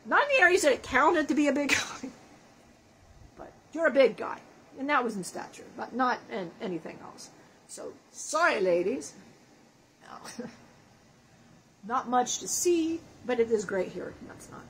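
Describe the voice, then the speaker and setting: A woman's voice: high voice, animated, measured pace, long pauses, slight background noise, rough recording. A woman channeling the spirit of a dead man in a session, talking in a profane, self-mocking way and laughing often. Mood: brash joking.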